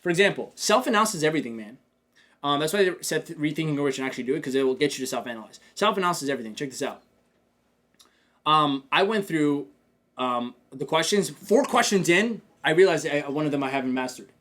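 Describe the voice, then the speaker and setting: A man hosting a business coaching podcast in casual talk. He is energetic, addresses listeners directly with asides like "check this out", and acts out his own inner dialogue. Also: fairly high pitch, quick pace.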